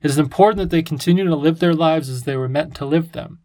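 A kindly, courteous old professor who talks gently and with measured politeness, as a man reads him. His voice is a touch high. The sound is dry and close. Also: no room sound, close to an everyday voice. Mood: gentle.

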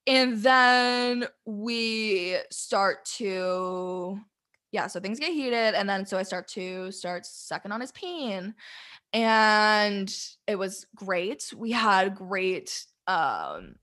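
A woman's voice: medium pitch, lively intonation, drawn-out words, a bit bright. Flustered young woman telling a story. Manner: candid, rambling, flustered, swears freely. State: close to tears. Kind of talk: casual storytelling to camera.

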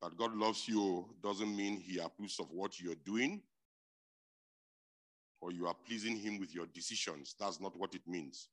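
A man with a low, deep voice preaching a sermon. His tone is bright and forceful. He repeats his key points for emphasis and swings between hushed stretches and loud, driving ones. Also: unhurried.

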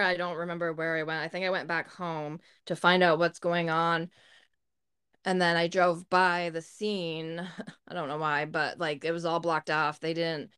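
A woman's voice: fairly low pitch, a bit bright, clear, resonant tone. A woman co-hosting a podcast, telling a personal story in a candid, blunt way and swearing freely. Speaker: podcast co-host. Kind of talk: casual storytelling.

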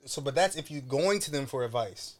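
A man in casual chat, animated, acting out quotes with big jumps in pitch. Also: fairly quick.

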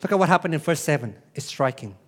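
A male pastor, preaching a sermon in a church, animated, with rhetorical questions and sudden drops to a hush. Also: fairly high pitch, fast, breathy edge.

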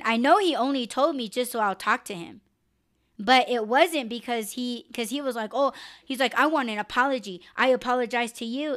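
Blunt, profane woman ranting on a podcast. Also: on the high side. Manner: blunt, profane, animated venting. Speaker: podcast host. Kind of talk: casual live podcast rant.

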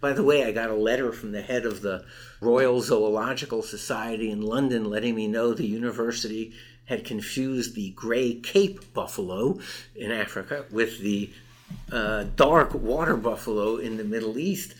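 A man's voice: fairly low pitch, normal speed. An older man telling a story in an interview, with emphasis, acting out the people he quotes. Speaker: interview guest. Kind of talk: recounting a campus case in conversation.

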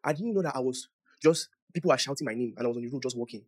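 A young man preaching with real conviction. His voice sits at an ordinary middle pitch but jumps up and gets louder on the big declarations, then drops into quiet, chatty asides. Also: rapid-fire. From Nigeria. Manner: emphatic, animated, swings from loud declarations to soft asides. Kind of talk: sermon.

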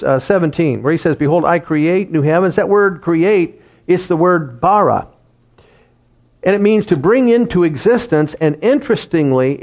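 Animated high-voiced male preacher. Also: highs cut off. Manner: animated, laughs at his own jokes, slows to stress words. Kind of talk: sermon with Bible reading.

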